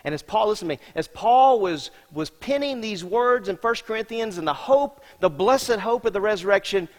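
A man preaching a sermon as senior pastor, emphatic and talking straight to the congregation, dropping from loud to hushed. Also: sits high, expressive, moderate pace. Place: church sanctuary. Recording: long reverb of a large hall.

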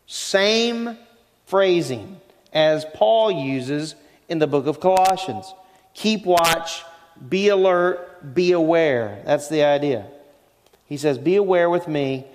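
A middle-aged man preaching a sermon in a conversational way, asking the congregation questions and slowing down on key phrases. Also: fairly high pitch, animated. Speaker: pastor. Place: church sanctuary. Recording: church sanctuary with long reverb.

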